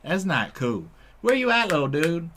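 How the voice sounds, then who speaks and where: Chatting to camera at home on his own channel, a man rambles in a relaxed stoner style and laughs a lot. His slightly high, somewhat bright voice swings widely in pitch at a moderate pace, and the headphones-and-desk-mic setup adds a little hiss or hum.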